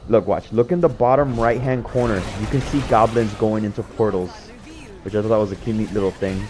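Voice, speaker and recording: A man's voice: on the low side, steady tone, fairly quick, noisy background. A young man casually commentating on his own gameplay clips, rambling and swearing with lots of filler words. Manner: rambling, profane, laid-back, heavy on filler words.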